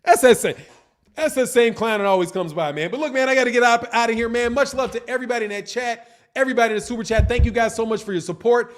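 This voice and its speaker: A man with a very high-pitched voice talks quickly while hosting a boxing channel livestream. He answers the chat combatively and repetitively, insulting his critics.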